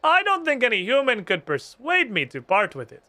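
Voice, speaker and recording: A man's voice: extremely high pitch, wildly swooping pitch, normal speed, bright, forceful tone, dry recording, pitched above the performer's own voice, heavily acted. A man voicing a smug, scheming male salesman in a game, speaking in a haughty, self-important way.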